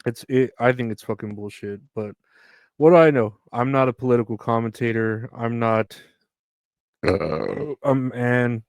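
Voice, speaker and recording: A man's voice: fairly low pitch, smooth, no echo. A man hosting a solo podcast from the United States, rambling and profane, tired and yawning as he talks. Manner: rambling, profane, self-mocking. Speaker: podcast host. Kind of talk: casual solo podcast rant.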